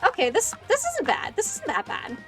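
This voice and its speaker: Here a young woman livestreams a game, talking at normal speed in a high, animated voice full of big pitch swings. Her chatter is excited and self-deprecating. Faint game music runs in the background, and she's right up on a desk mic.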